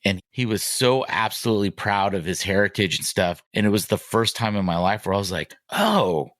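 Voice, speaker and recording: A man in his forties talks with a fairly low, grounded voice, recorded close and dry with no room sound around him. He tells personal stories candidly, stopping and restarting, with filler words scattered through his speech. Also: fairly even intonation, fairly bright tone, no echo. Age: 40s. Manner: halting, frequent "like" fillers and restarts. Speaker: podcast guest.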